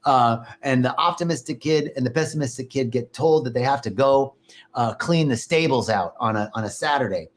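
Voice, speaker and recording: A man preaching a sermon, telling animated stories, laughing often and swearing casually. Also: mid-range voice, fairly quick. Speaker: minister. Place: lives in Costa Rica.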